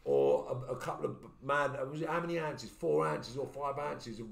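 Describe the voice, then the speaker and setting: A man's voice: on the high side, expressive, normal speed, vocal fry. A man, a podcast guest talking in a streetwise, casual way. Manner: streetwise, keeps asking "do you know what I mean". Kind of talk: casual interview chat. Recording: echoey room.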